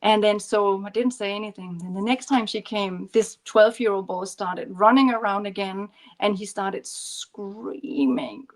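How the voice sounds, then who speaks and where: A woman guest on a podcast, a leadership coach, telling a personal story in an earnest, gentle way with some restarts. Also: mid-range voice, measured pace, hardly any pauses. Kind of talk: storytelling in conversation.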